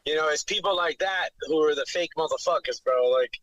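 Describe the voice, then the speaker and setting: A man's voice: a little high, fairly quick, fairly bright tone, dry recording, lo-fi sound. A man from New York City with a strong New York accent, a fighter talking brashly and profanely as a guest on a podcast. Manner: brash, profane trash talk. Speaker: bare knuckle fighter, guest. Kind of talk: casual podcast interview.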